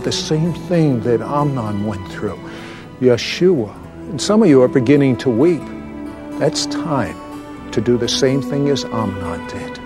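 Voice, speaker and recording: A male TV host speaks very slowly and solemnly, repeating phrases as he leads a prayer. His voice has a middle pitch, and clear music plays behind him. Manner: slow, repetitive, solemn. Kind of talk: preaching and leading a prayer. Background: soft music.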